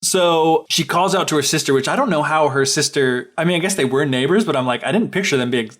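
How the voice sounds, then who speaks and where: A man's voice: on the high side, quick pace, fairly bright tone. Chatty man retelling a fairy tale. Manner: chatty, lots of "like" and restarts, wry asides. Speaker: podcast co-host.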